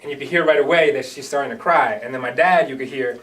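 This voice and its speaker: Speaking at a quick pace in a mid-range, slightly bright voice, a man gives an earnest first-person dramatic monologue, told as heartfelt storytelling. He introduces it hesitantly with fillers, and the mic sits at a distance.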